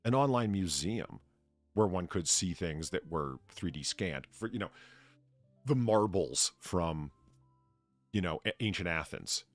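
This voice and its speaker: A man's voice: sits low, lively intonation, measured pace, no echo, faint music behind. A man hosting a stream, chatting casually and rambling through asides. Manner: laughs often, reads mockingly, rambling asides. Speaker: stream host. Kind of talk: casual chat, reading aloud.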